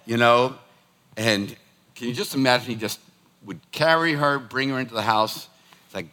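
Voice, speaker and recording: Animated man preaching, bright expressive voice. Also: mid-range voice, normal speed, pauses often. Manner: animated storytelling, acts out scolding his dog. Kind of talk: sermon.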